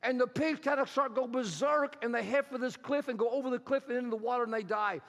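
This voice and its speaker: A male pastor preaching a sermon in a church, telling a story with animated, rising emphasis. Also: very high voice, fast talker. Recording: long hall reverb.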